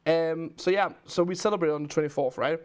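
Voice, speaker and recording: Danish guy on a game stream, kinda high voice, rambles through stories and chat questions. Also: brisk, darkish tone, smooth. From Denmark. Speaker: livestream host. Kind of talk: casual livestream chat.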